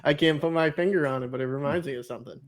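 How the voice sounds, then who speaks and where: A man co-hosting a casual product recap, enthusiastic, with quick interjections. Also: fairly high pitch, slight background noise. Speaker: co-host.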